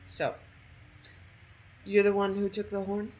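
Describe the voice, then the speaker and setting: A woman's voice: medium pitch, monotone, takes it slowly, darkish tone. A woman giving casual, snarky commentary over her game, playfully talking back to the characters. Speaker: gamer streaming a playthrough.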